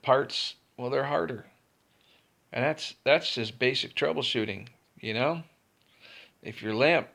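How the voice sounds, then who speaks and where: Male storyteller, gravelly, blunt and profane, casual delivery. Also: mid-range voice, a bit bright. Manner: blunt and profane, laughs between lines. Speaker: storyteller vlogger.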